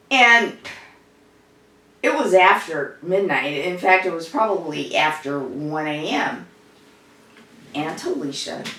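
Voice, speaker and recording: Woman playing a slow, low-voiced social worker. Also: fairly bright tone, slight background noise, heavily acted. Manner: rambling, conversational storytelling with fillers. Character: adult woman social worker recounting a family row. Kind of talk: improvised dramatic monologue. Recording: echoey room, distant mic.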